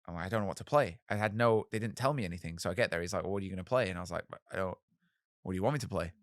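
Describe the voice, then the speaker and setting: A man in his thirties, a musician guest telling animated stories in an interview and acting out the voices of people he quotes. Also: low voice, racing, dry recording, studio quality. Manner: animated, acts out quoted voices, swears casually. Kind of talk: storytelling in a podcast interview.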